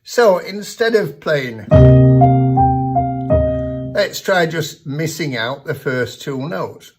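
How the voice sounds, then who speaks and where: A man giving a piano lesson, explaining technique in a measured, patient way. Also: fairly high pitch, animated. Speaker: piano teacher. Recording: piano playing heard in the background.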